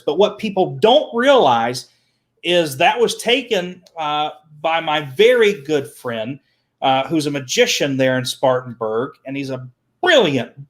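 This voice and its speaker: High-pitched guy telling funny stories on a show, animated, keeps repeating himself and doing the voices of people he quotes. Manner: lively, repeats words, acts out quotes. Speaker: guest, children's entertainer. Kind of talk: animated storytelling.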